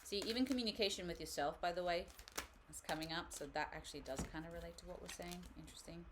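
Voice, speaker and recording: A woman's voice: fairly low pitch, fast, heavy background noise. A woman hosting a live tarot reading, talking casually and rambling with frequent laughs. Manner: chatty, rambling, laughs often.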